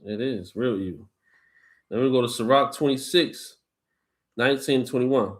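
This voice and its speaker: A man leading a Bible study, reading verses slowly and deliberately and breaking off to scold listeners in blunt, slangy speech. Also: mid-range voice. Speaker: scripture reader and co-teacher.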